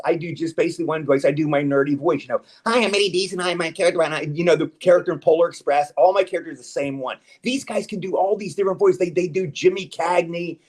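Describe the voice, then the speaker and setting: A man's voice: fairly high pitch, a little mellow, husky. A man chatting as a guest in a casual interview, rambling and eager, with stammered restarts. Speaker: guest actor.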